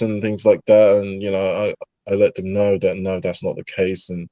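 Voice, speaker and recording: A man's voice: fairly low pitch, little pitch movement, brisk, a little mellow, dry recording, muffled recording. A young man from England with a London accent, chatting earnestly as a guest with frequent fillers. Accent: London English. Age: young adult. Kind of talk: casual chat.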